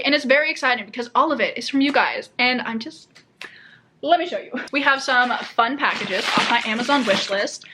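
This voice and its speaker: Bubbly young woman vlogging about books, high bright voice, laughs a lot. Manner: bubbly, gushing, lots of "like" and laughs. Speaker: book vlogger. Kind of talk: casual chat.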